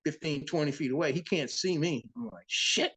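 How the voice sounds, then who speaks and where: A man's voice: on the high side, a little fast, slightly rough. Salty man telling sea stories. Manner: profane, animated sea-story telling. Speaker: boat captain and interview guest. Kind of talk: casual storytelling.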